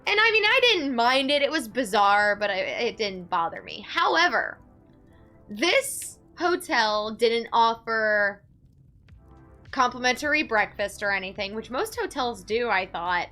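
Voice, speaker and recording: A woman telling a story casually to her chat, animated and dramatic in her ranting. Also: a little high, measured pace, soft background music. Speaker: streamer.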